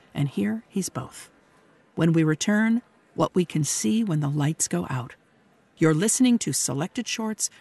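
A woman's voice: lowish voice, gravelly, darkish tone, slightly rough, dry recording. Woman hosting radio, dry studio sound. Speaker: radio host. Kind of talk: scripted radio commentary.

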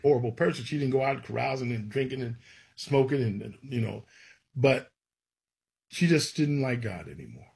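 The speaker is a gospel songwriter giving a storytelling interview about his life, animatedly acting out the people he quotes. His medium-pitched voice is creaky and slightly rough, at a moderate pace.

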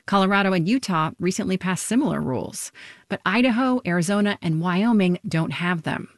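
A woman radio reporter reading a scripted news report in a measured, even delivery. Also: lowish voice, dry recording, clean studio sound.

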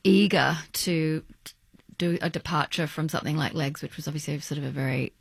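An actress from Australia, talking in a halting, searching way as a guest in an interview. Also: female voice, sits low, creaky, husky, no echo, studio quality. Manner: halting, searching for words, many restarts. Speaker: stage and screen actress, guest. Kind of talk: casual interview chat.

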